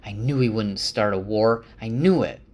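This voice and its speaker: A man's voice: fairly low pitch, moderate pace, darkish tone, natural voice. A man voicing an earnest young woman who frets and repeats herself, in a slightly raised voice. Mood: fretful.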